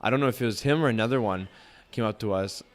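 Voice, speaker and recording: A man's voice: lowish voice, fast. A young man from Quebec with a Québécois French accent, a guest telling a travel story in casual chat, rambling with many fillers. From Quebec, Canada. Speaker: podcast guest, backpacker.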